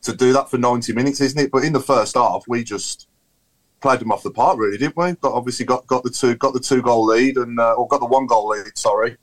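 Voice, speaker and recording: A man's voice: medium pitch, fairly quick, rough recording. A man on a video call giving his views in a casual football chat podcast, rambling and opinionated. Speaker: podcast panelist.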